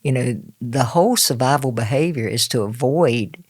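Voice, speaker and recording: A man's voice: mid-range voice, moderate pace, no echo, studio quality. A man hosting a podcast who talks casually, laughing often and restarting his sentences. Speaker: podcast host. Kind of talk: casual conversation.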